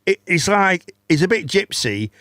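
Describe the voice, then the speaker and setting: A man's voice: sits high, sing-song, normal speed, bright, forceful tone, dry recording, studio quality. A man, hosting a casual chat and telling a long story, rambling, swearing and repeating words. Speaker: host.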